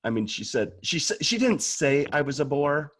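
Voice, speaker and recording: A man's voice: fairly high pitch, big pitch swings, moderate pace, fairly bright tone. A man talking casually and candidly about prayer, often restarting words as he goes. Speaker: guest speaker on prayer. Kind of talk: casual conversational talk.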